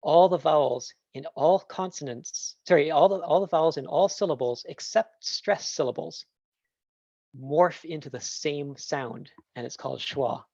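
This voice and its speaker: A man's voice: a little high, measured pace, vocal fry, darkish tone, no room sound, lo-fi sound. A man answering questions in a talk, enthusiastic and rambling with fillers, heard over a video call. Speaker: guest speaker. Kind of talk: casual Q&A answer.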